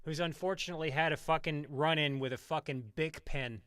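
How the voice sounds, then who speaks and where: Foul-mouthed rambling man, slightly high. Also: a little fast, a bit bright, clean tone, no echo, clean studio sound. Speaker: streamer. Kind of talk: profane ranting commentary.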